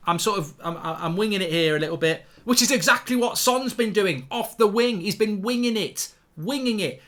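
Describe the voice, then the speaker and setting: A man's voice: high-pitched, animated, normal speed, hardly any pauses, a bit bright. A man from England, a football pundit, ranting in an indignant reaction monologue, repeating himself and stammering over restarts.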